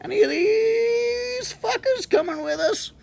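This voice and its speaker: A man voicing an excitable male goblin sidekick in a shrill, strained squeal. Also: takes it slowly, gravelly, heavily acted. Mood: eager.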